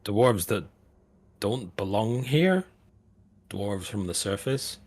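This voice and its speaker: A man's voice: fairly low pitch, expressive, slow, darkish tone, full character voice. A man voicing a nervous male druid villager in a tabletop game, answering a little hesitantly. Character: nervous male druid, busy whittling weapons.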